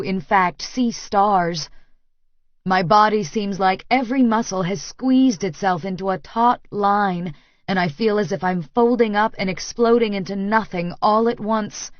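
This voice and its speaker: Slow, intimate woman audiobook narrator. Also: medium pitch, no echo, highs cut off. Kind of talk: first-person romance audiobook narration.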